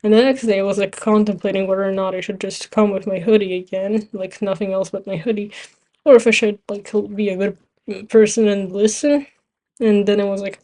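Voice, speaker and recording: A teen gaming vlogger whose first language isn't English chats through a wandering story while playing, laughing and restarting now and then. Her mid-range voice is steady, brisk, and slightly mellow.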